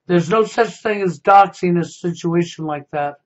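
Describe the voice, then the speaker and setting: High-voiced confrontational man, lo-fi. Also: normal speed. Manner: confrontational, repeats "okay?". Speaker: YouTube commentator. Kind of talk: accusatory monologue. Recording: dull lo-fi sound.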